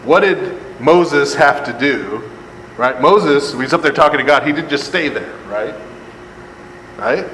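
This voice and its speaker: A man's voice: on the high side, lively intonation, unhurried, fairly bright tone. A man leading a casual Bible study lecture for a live group, joking and acting out voices, and asking "right?" again and again. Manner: conversational, keeps asking "right?", jokes and acts out voices. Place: church hall or classroom with a live group. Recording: echoey hall with faint air-conditioning hum.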